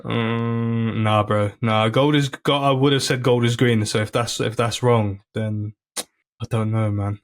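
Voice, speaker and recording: Laid-back comedian, laughing easily. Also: male voice, medium pitch, fairly even intonation, measured pace. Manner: laughs often, easygoing and chatty. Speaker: comedian guest. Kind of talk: casual podcast chat.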